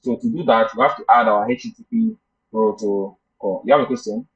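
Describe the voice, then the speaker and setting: A man's voice: lowish voice, sing-song, a little fast, fairly bright tone, slightly rough. A man teaching a live coding class, thinking aloud as he debugs and chatting with his students. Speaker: coding instructor. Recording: muffled lo-fi class recording.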